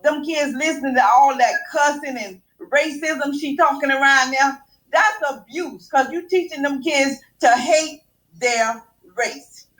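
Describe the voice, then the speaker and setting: A woman on a call-in segment speaks in a high voice, earnest and emphatic as she presses her complaint. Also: unhurried, fairly bright tone, poor audio. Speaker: caller on a live stream. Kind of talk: casual call-in commentary.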